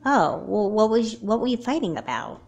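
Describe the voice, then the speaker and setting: A woman doing a calm, sensible big sister. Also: fairly high pitch, normal speed. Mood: curious. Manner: reassuring, gives advice. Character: older sister, calm and sensible teen girl. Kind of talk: homemade doll movie acting.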